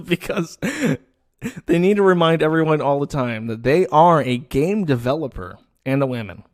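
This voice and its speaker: A man talks through a story in loose, casual commentary, trailing into sardonic asides. His voice sits at an ordinary pitch. The sound is close and dry, with no room around it. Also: animated, a little slow, long pauses, no echo. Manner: loose delivery with fillers and restarts. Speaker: online commentator. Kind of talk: casual commentary reading out messages.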